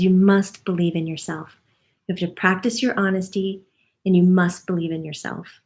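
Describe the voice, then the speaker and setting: A woman medium casually relays her spirit guide's monthly forecast, chatting away and laughing often. Her voice is fairly low-pitched with a darkish tone.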